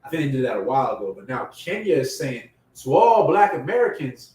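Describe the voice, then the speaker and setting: A man preaching a sermon in casual slang, growing impassioned and loud at his emphatic peaks. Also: mid-range voice, sing-song, fairly quick, hardly any pauses. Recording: echoey room from far off.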